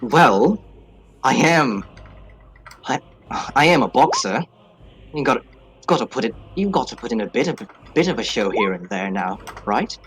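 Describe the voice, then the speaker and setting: A man's voice: mid-range voice, sing-song, normal speed, pauses often, fairly bright tone, slight background noise. A man voicing a young male boxer in a put-on Australian accent that keeps slipping, with stammers and restarts. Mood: flustered.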